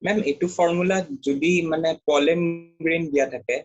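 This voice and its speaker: A man's voice: on the high side, fairly even intonation, racing, dull audio. A male student with an Assamese accent asking the teacher a hesitant question in class.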